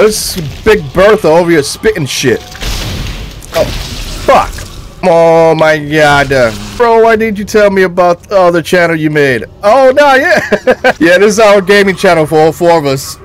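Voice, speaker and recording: A young man giving loud, excitable, profane live commentary while playing a game on a headset, laughing often. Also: on the high side. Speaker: gaming streamer.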